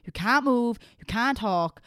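A young woman co-hosting a casual podcast chat, blunt and expressive. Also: a little high, clean tone, no echo, clean studio sound. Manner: expressive, blunt, quick to laugh. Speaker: podcast co-host.

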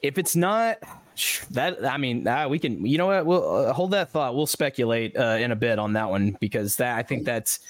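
A man hosting a podcast, casually reading listener comments aloud with animated asides and frequent laughs. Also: mid-range voice, normal speed, no echo. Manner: animated, laughs often, restarts sentences. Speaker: podcast host.

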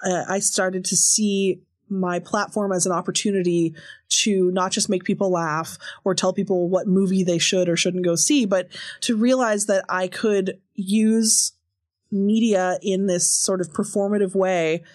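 A woman guest in an interview telling a candid story in an animated way, laughing often between quick asides. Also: medium pitch, dry recording, clean studio sound. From Seattle area.

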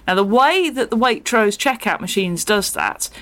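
Female comic guest, English, animated storyteller in casual chat. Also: medium pitch, moderate pace. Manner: animated storyteller building to a punchline. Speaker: podcast guest, comedian.

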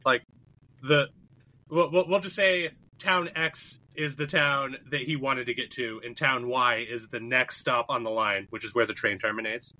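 A man co-hosting a podcast who tells stories in an animated, jokey way, swearing freely in casual chat. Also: medium pitch, moderate pace, no echo, low-quality recording. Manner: animated storyteller, jokey and profane. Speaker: co-host.

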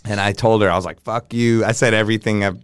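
A man's voice: fairly low pitch, fairly even intonation, fast talker, clean tone, no echo, clean studio sound. A man, a DJ guest on a podcast, telling stories in casual chat, laid-back, swearing freely and acting out what people said.

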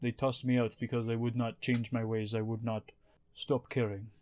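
Male GM doing a gentle goliath outcast: earnest, hesitant, unhurried. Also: medium pitch, flat delivery, close to an everyday voice. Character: soft-hearted exiled male goliath prisoner.

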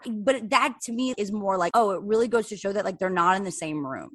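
A woman co-hosting a podcast in quick, casual chat, weighing in on astrology. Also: mid-range voice, no room sound. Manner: quick, chatty, talks about astrology. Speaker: podcast co-host.

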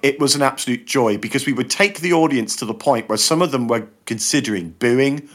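Comedian guy on a podcast, lively storytelling, does little voices for quotes. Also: a little fast. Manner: animated, acts out quotes with shifting pitch. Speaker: guest comedian and actor. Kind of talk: casual podcast chat, storytelling.

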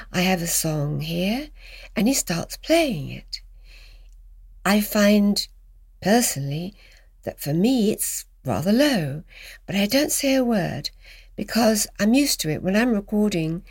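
Husky older Englishwoman reminiscing. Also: medium pitch, dry recording, clean studio sound. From England. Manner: reminiscing, gently animated, dips into soft whispers. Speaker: guest. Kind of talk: storytelling in an interview.

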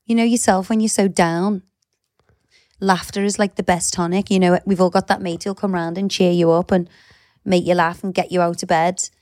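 A woman's voice: on the low side, fairly even intonation, normal speed, darkish tone, no room sound, studio quality. Chatty Liverpool woman co-hosting. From Liverpool, England. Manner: chatty, teasing, sprinkles in "you know" and "like". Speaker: podcast co-host. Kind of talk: casual chat.

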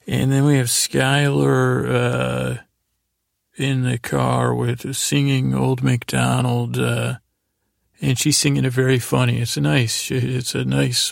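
Flat gravelly man rambling softly. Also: mid-range voice, dry recording, clean studio sound. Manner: meandering, loosely retelling scenes with quick quoted lines. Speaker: sleep podcast host. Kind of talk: rambling bedtime recap.

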